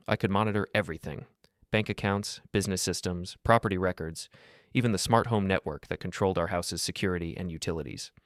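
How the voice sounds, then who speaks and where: Deep male narrator, dry booth sound, measured and calm first-person storytelling. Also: no echo.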